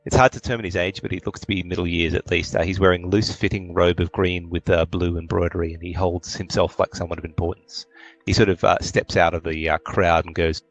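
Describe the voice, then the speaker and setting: A man narrating a tabletop role-playing game as game master, relaxed and full of fillers. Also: sits low, fast, low-quality recording.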